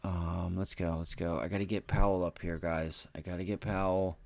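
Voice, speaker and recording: A man speaking at normal speed with vocal fry hosts a live day-trading stream, bragging and using slang as he comments on the market to his viewers. He alternates between loud, excited outbursts and low mutters to himself.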